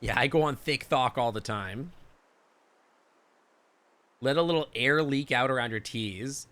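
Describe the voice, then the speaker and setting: A man with a Canadian accent chatting loosely through a live game stream, rambling and thinking out loud. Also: medium pitch, measured pace.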